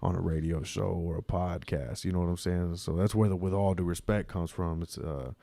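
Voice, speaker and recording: Deep gravelly man, laid-back. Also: fairly even intonation, fairly quick, warm tone, dry recording. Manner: laid-back, slangy, lots of "you know what I'm saying". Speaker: podcast guest. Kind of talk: casual interview chat.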